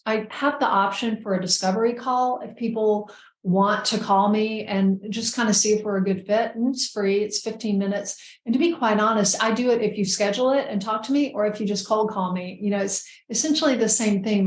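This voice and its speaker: A middle-aged woman, a physician guest, talking casually and earnestly in an interview, often repeating words as she goes. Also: mid-range voice. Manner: earnest, friendly, frequent word repeats. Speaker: gastroenterologist guest. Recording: echoey room.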